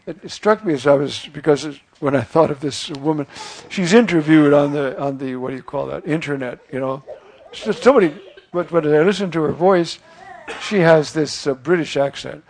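An older priest gives a chatty, informal homily in a slightly higher voice. He acts out the voices of figures he quotes and keeps turning to his listeners with little questions. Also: moderate pace, a little mellow. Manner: conversational, acts out quoted voices, asks listeners "you see?".

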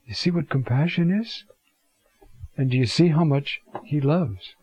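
Male scripture lecturer, dark mellow tone, dull lo-fi recording. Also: on the high side, breathy edge, no room sound. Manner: slow, reflective, reads passages aloud with emphasis. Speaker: Bible teacher. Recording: dull lo-fi sound.

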